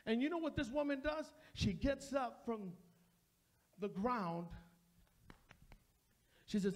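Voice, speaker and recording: High-voiced male pastor preaching. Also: expressive, slow pace, long pauses. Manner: repetitive preaching cadence; addresses the congregation directly. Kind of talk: sermon. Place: church sanctuary.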